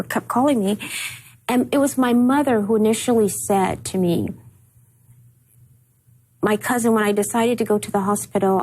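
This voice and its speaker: A woman being interviewed, telling personal memories in a halting way and repeating words when upset. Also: medium pitch, a little mellow, husky, poor audio. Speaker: interview guest. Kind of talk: emotional personal recollection.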